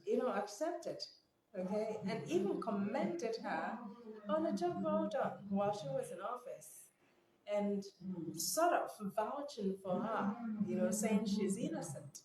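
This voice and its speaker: A woman from Nigeria giving casual vlog commentary, animated and incredulous, laughing often. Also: a little high, a little slow, crowd noise. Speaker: news commentator. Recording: echoey room with background music.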